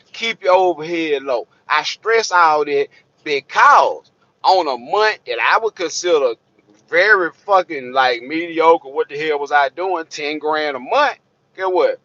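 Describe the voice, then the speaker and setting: A man's voice: sits high, sharp tone, no echo. A man, a trucker vlogger ranting to camera in a blunt, profane, streetwise way, preaching and repeating himself. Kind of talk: blunt unscripted rant to camera. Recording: dull lo-fi recording.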